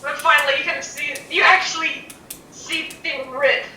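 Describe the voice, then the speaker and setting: A woman acting as game master, narrating a tabletop game in a lively, descriptive way. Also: high voice, moderate pace. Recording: roomy, distant mic, faint noise.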